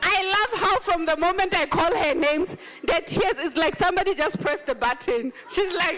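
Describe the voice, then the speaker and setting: High-pitched lively woman host. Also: moderate pace, few pauses. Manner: exuberant, teasing, cheering with shouts. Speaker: awards ceremony host. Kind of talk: announcing award winners. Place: large function hall.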